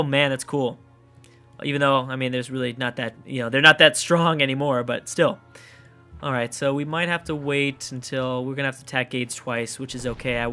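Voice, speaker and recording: Canadian man, let's play commentator, bright and a touch high, thinks aloud and swears, faint music under. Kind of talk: casual gameplay commentary.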